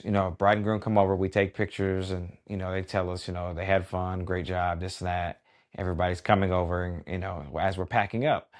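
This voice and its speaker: A middle-aged man, a wedding DJ hosting a podcast, telling a story in a relaxed conversational way with lots of asides. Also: low voice. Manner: relaxed and conversational, many "you know" asides.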